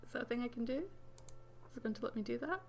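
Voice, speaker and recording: A woman giving excitable, giggly let's play commentary as the channel host. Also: a little high, racing, vocal fry. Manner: excitable, exclaiming and giggling at the game.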